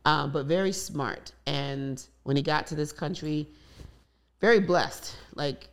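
A woman's voice: low-pitched, slow. A woman in candid conversation, telling personal stories openly with many asides. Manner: open, storytelling with many asides. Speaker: guest.

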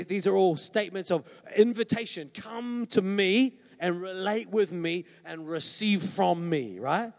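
A man preaching a sermon as pastor, conversational and emphatic, often checking in with "right?". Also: high voice. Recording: long hall reverb.

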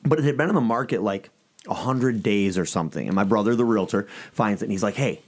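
A man's voice: lowish voice, fast, darkish tone. A middle-aged man, an ice cream shop owner, telling a story casually in conversation and acting out the quoted dialogue in a raised voice.

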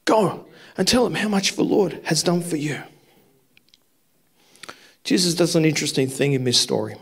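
A man's voice: a little high, expressive, moderate pace, fairly bright tone, slightly rough. A male pastor preaching a sermon with fervor to his congregation, repeating his points and firing off rhetorical questions. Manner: impassioned, repetitive rhetorical questions. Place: church hall with congregation.

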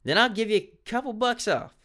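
Man doing a high, hearty small-town mechanic. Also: lively intonation, brisk, fairly bright tone. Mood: friendly. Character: friendly folksy small-town male mechanic.

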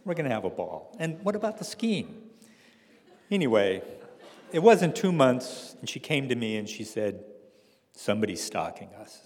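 A middle-aged man telling a personal story to an audience in a wry, halting way, with restarts and fillers. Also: mid-range voice, very animated, a little mellow, breathy edge, long reverb tail.

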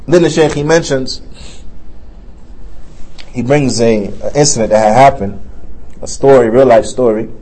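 A man's voice: medium pitch, measured pace, pauses often, warm tone, low-quality recording. Earnest man teaching a mosque class. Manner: reads Arabic passages, then explains them in English with fillers and restarts. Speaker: Islamic studies teacher. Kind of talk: religious class, reading Arabic text and translating.

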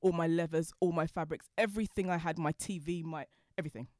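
A woman telling stories as a podcast guest, talking fast and laughing as she goes. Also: lowish voice, fairly even intonation, darkish tone, dry recording, studio quality. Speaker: guest, designer. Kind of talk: animated storytelling in conversation.

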